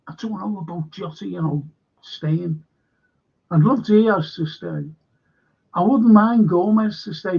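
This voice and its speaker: Gravelly, husky man chatting. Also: high voice, highs cut off. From Liverpool. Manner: rambling, chatty, jokey asides. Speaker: host. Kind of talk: live fan chat show, reading chat questions.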